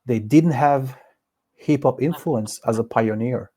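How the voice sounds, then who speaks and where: A man with a French accent answers questions in a relaxed interview. His voice is mellow, and he hesitates and circles back as he talks. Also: medium pitch, a little slow, breathy edge. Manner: hesitant, many fillers and restarts. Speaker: guest.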